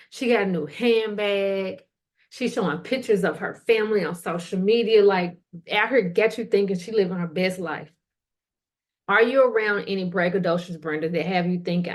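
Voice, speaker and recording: A middle-aged woman hosting a motivational podcast, talking casually and colloquially while asking the listener direct questions. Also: mid-range voice. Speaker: podcast host.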